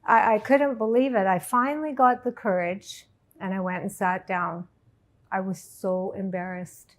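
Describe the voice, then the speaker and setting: A middle-aged woman, a life coach, telling a personal story to an audience in an emotional, halting way. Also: medium pitch. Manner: emotional, halting, tearful at times.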